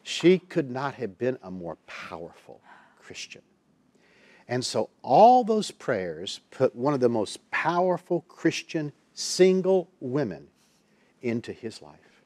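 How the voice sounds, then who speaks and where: A man tells a personal story in a studio interview, his voice at an ordinary middle pitch. He is lively and expressive, slipping into the voices of the people he quotes. The sound is dry and close, with no room echo. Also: takes it slowly. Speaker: Christian counselor and minister, guest.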